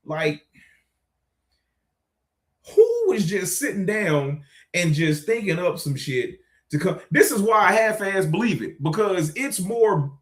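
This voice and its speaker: Animated, exasperated man ranting. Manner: animated and exasperated, swearing, loud bursts then muttering low; conversational, addresses viewers directly. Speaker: vlogger. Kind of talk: casual rant to camera.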